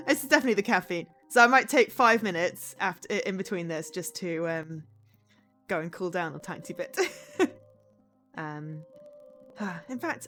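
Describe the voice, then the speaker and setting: A woman's voice: lowish voice, animated, measured pace, long pauses, fairly bright tone, faint music behind. A woman chatting casually on a live charity gaming stream, rambling with lots of ums.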